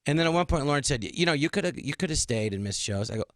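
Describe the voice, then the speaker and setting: Speaking quickly in a voice on the high side, this middle-aged comedian is a guest on a radio interview. He's animated as he tells his stories, performing the dialogue of the people he quotes in a casual storytelling style. There's no echo on the recording.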